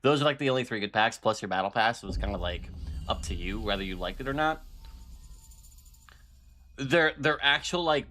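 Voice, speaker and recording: A man's voice: medium pitch, sharp tone. A man streaming a game and ranting in frustration, laughing often as he talks to his chat. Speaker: gaming streamer. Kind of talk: live-stream commentary.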